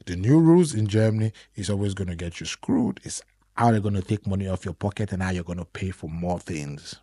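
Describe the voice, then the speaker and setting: A man's voice: low-pitched, fairly quick, no echo. A young man, complaining in a casual vlog monologue. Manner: complaining, animated storytelling. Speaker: vlogger.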